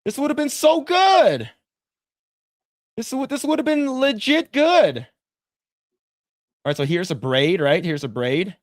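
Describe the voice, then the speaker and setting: A man's voice: sits high, very animated, unhurried, pauses often, no room sound, clean studio sound. A man co-hosting a podcast, chatting casually while he draws, rambling and repeating himself and swearing freely when annoyed. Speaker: podcast co-host. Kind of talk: casual chat while drawing on stream.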